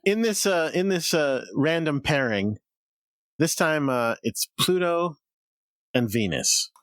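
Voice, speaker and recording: A man's voice: a little high, lively intonation, takes it slowly, a bit bright, no room sound. A man co-hosting a podcast, chatting casually, laughing often and restarting his sentences. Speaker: podcast co-host. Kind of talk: casual chat.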